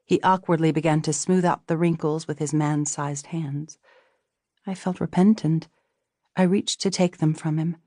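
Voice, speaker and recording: A woman narrating a novel in the first person, with a measured storytelling manner. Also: low-pitched, fairly even intonation, dark tone, no room sound, clean studio sound. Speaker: audiobook narrator.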